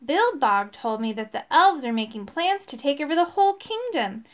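A woman's voice: high-pitched, sing-song, normal speed, fairly bright tone. A woman voicing an eager, urgent young male elf in a storybook.

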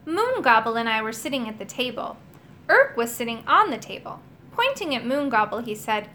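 A woman narrating a children's storybook chapter aloud in an expressive, animated manner. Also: fairly high pitch, normal speed, a little hiss or hum.

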